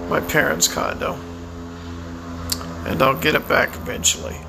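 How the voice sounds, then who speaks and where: Worn-out man, raspy and creaky, pitched a little high, speaking a quiet, reflective personal monologue. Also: noisy background. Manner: slow, reflective, prayerful. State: tired and weak. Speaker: vlogger.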